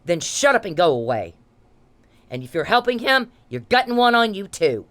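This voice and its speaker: An angry woman in her thirties vents straight to the camera, cursing and hammering the same demands again and again. Her voice sits at a middle pitch but swings widely, rising and dropping sharply as she presses each point. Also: big pitch swings, normal speed, fairly bright tone. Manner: confrontational, swearing, repetitive demands. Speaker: vlogger. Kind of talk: angry direct-to-camera rant.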